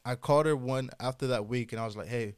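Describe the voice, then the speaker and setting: A young man casually telling a personal story on a podcast, profane and animated, acting out the other people's lines. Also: mid-range voice, fast, clean tone, no echo. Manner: casual, profane, animated retelling with quoted dialogue.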